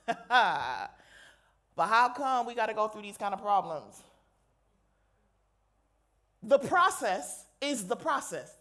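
A woman's voice: on the high side, fairly bright tone. A woman chaplain preaching a sermon to a live audience, conversational and playful with slangy asides. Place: lecture hall with an audience.

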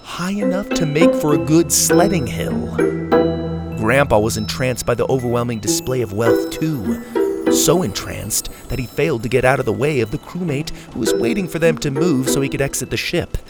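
Expressive male storyteller, lively gravelly voice, dry close sound. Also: medium pitch, moderate pace, loud music behind the voice. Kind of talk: children's story narration.

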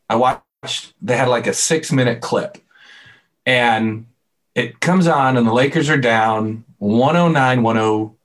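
Male co-host, animated storyteller recapping a game moment by moment. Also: medium pitch. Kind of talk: casual sports chat.

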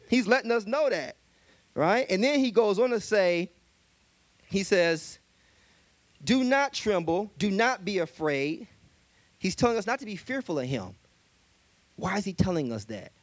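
A man's voice: a little high, no room sound. A man preaching a sermon as minister, emphatic and colloquial, often repeating his key phrases.

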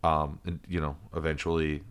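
Deep-voiced man rambling on a podcast. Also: level tone, moderate pace, clear, resonant tone. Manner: loose and rambling, many fillers and restarts. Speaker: podcast co-host. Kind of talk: casual podcast chat.

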